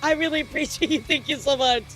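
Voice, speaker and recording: A woman streaming live, chatting casually with viewers in an excitable way, laughing, swearing and stammering through repeats. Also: high-pitched, fast talker, faint music behind, poor audio. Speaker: livestreamer. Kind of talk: casual livestream chat with viewers.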